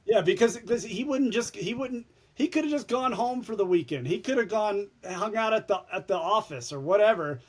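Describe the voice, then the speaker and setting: A former TV news anchor, a man, telling stories as a podcast guest in an animated way, often restarting his words. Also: high voice, normal speed, hardly any pauses. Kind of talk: casual storytelling chat.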